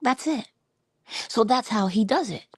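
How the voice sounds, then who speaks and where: A middle-aged woman giving an inspirational spiritual talk in a conversational, expressive way, slipping into little acted-out quotes. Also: a little high, measured pace, husky, dry recording, studio quality. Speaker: inspirational speaker.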